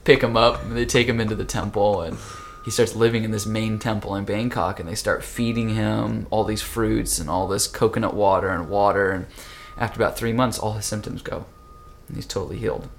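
A man hosting a casual conversation, telling an animated story and acting out the voices. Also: on the low side, brisk, vocal fry, a little hiss or hum. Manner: animated, acts out voices, laughs easily. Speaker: podcast host.

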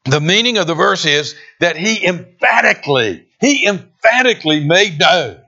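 A man preaching a sermon, expressive, with dramatic pauses and emphatic quoted lines. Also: high-pitched. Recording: dull lo-fi sound.

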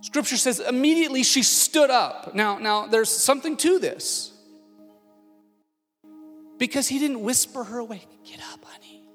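High-voiced pastor preaching in an echoing hall. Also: male voice, a little slow, pauses often. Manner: animated storytelling, shifts from hushed to shouting. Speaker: lead pastor. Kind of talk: sermon. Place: church auditorium. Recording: long hall reverb with faint music.

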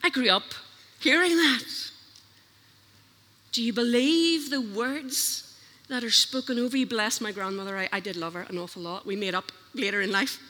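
A woman's voice: on the high side, moderate pace, pushed and bright. Earnest woman preaching in a reverberant hall. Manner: earnest, questioning the listeners. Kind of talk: sermon.

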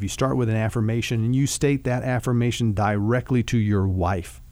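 A man who works as a marriage counselor, explaining relationship advice in a relaxed, folksy storytelling way with vivid food analogies. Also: medium pitch, normal speed, dry recording. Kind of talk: conversational teaching on a talk show.

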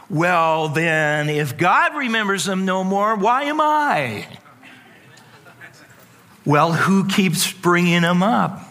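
A man preaching a sermon to a congregation, animated and playful, acting out voices with sudden jumps in pitch. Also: slow. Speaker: pastor.

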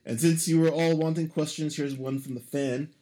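A man's voice: a little high, fairly even intonation, normal speed, mellow. A man co-hosting a casual podcast, reading a listener's email aloud in a dry, joking way. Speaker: podcast co-host.

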